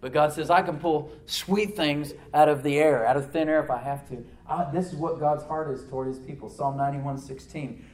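A male pastor preaching a sermon, swinging from loud emphatic lines to hushed near-whispers. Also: fairly high pitch, steady tone, moderate pace, roomy sound, rough recording. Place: church sanctuary.

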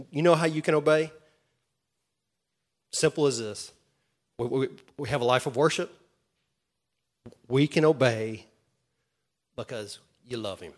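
A man preaching a sermon in an earnest way, with many restarts, moving from loud calls to the congregation to quiet retelling. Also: medium pitch. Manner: earnest, swings from loud calls to soft storytelling; stammering restarts.

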